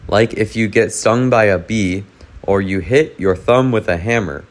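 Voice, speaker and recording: Slow, low-voiced male storyteller. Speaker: narrator. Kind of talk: reading a children's picture book aloud.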